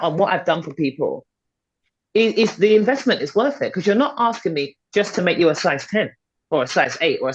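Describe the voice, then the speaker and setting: Fairly low in pitch with a breathy edge, this middle-aged woman's voice comes through dull, slightly lo-fi podcast audio. She is a guest, a fitness and confidence coach, speaking in a motivational, conversational way, emphatic and persuasive, with points repeated for stress.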